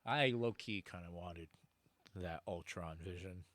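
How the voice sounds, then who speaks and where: A man co-hosting a casual podcast about comics, laid-back with quick asides. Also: sits low, a bit bright, dry recording. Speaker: podcast co-host.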